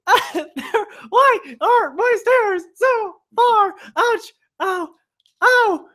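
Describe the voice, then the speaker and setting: A woman's voice: extremely high pitch, sharp tone, heavily acted. A woman voicing a clumsy old woman who keeps falling, whimpering and wailing in a strained, worn-out voice. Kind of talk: comedic podcast sketch.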